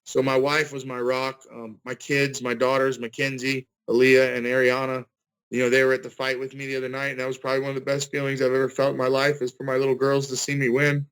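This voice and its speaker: A man's voice: mid-range voice, completely flat delivery, fast, a bit bright, smooth, poor audio. A man in his forties, a fighter giving a casual interview over a video call, earnest and rambling, often restarting his sentences. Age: 40s. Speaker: guest fighter.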